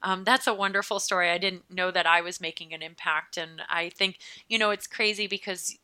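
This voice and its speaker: An American woman chatting as a podcast guest, enthusiastic and quick to laugh. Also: fairly low pitch, steady tone, bright, forceful tone, clean tone. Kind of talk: casual interview chat.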